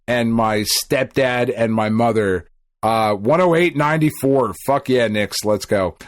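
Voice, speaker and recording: Male podcast co-host, thirties, mid-pitched, swears a lot, animated storyteller. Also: unhurried, no room sound. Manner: profane, animated storyteller who acts out quotes. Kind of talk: casual chat.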